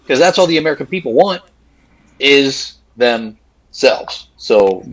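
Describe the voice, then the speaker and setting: A man's voice: mid-range voice, very animated, measured pace, rough recording. A man co-hosting a political podcast in casual chat, blunt and profane, repeating himself as he restarts. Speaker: podcast co-host.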